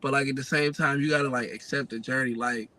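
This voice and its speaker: A young adult man telling a family story in a casual, animated way, full of fillers. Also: medium pitch, quick pace. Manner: lively, animated retelling with many fillers. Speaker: guest sharing family story.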